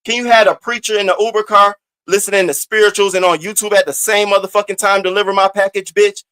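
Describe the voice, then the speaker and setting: Bright, high-voiced man trash-talking. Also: little pitch movement, fast, clean tone. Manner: profane, taunting, trash-talking. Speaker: host. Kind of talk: roast-style live rant.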